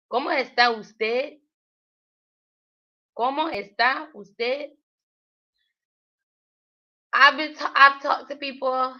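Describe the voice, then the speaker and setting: Woman, fairly high voice, slow, chatty, fillers, lo-fi stream audio. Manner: chatty, lots of fillers, laughs at herself. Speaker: livestream host learning Spanish. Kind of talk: casual learning livestream. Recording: dull lo-fi livestream audio.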